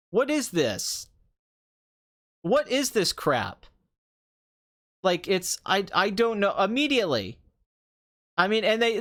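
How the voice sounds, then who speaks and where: A man's voice: sits high, a bit bright, smooth. A young man hosting a casual movie review talk, ranting sarcastically with mocking asides. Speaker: movie review podcast host.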